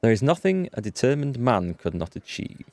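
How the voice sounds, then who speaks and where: A man's voice: medium pitch, very animated, normal speed, a little mellow, no room sound. A man hosting a let's play, chatting casually as he thinks aloud and reads game dialogue, chuckling at the text.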